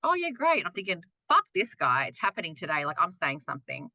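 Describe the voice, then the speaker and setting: A woman's voice: sits low, expressive, quick pace, no room sound. A young adult woman talking as a podcast guest, telling a personal story candidly and frankly, swearing freely and acting out what others said. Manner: frank, swears freely, acts out quoted voices. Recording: dull lo-fi dry remote sound.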